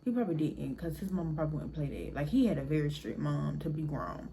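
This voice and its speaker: A young woman telling a casual storytime, animated, blunt and profane, talking straight to her viewers. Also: deep voice, quick pace, a little hiss or hum. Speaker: storyteller vlogger.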